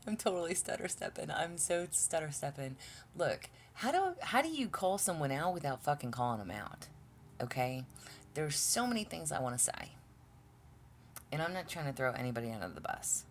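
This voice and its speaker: A woman's voice: rumbling low, vocal fry, slight background noise. A woman giving a casual tarot reading to her viewers, blunt and exasperated, swearing often and stumbling over her words. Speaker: tarot reader.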